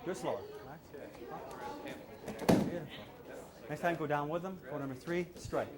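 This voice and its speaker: A man with a high voice teaches self-defense, calling out short, repeated commands to his students. A busy crowd of people can be heard behind him. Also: moderate pace. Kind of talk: coaching a hands-on class.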